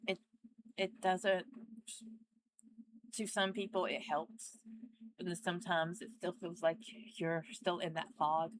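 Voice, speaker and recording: A young woman with a slightly low voice gives casual reaction commentary. She sounds earnest and heartfelt, and pauses and restarts as she looks for the right words. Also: little pitch movement, a crowd in the background, poor audio. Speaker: reaction channel host.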